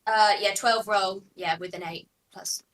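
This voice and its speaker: A woman's voice: mid-range voice, fairly even intonation, a little slow, a bit bright, poor audio. A woman playing in a tabletop game, talking casually and hesitantly. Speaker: player.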